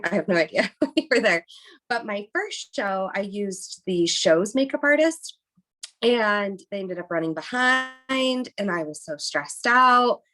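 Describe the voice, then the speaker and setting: A woman's voice: on the low side, a bit bright. A young woman, a bikini competitor, chatting as a podcast guest and rambling through a story with many fillers. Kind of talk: casual interview storytelling.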